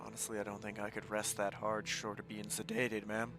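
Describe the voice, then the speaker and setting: A man's voice: lowish voice, completely flat delivery, fairly quick, fairly bright tone, soft background music. A man playing in a live-streamed tabletop role-play, casual and swearing freely. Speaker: player.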